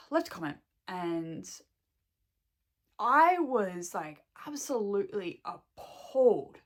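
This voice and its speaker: A woman's voice: medium pitch, very animated, slow pace. A young woman and shop worker venting to her camera at home, swearing heavily and rambling, close to tears. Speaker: vlogger and shop employee.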